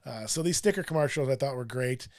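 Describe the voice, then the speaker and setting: A man's voice: mid-range voice, expressive, fast. A middle-aged man hosting a sports show, chatting casually through a countdown list, rambling with lots of fillers and self-deprecating asides.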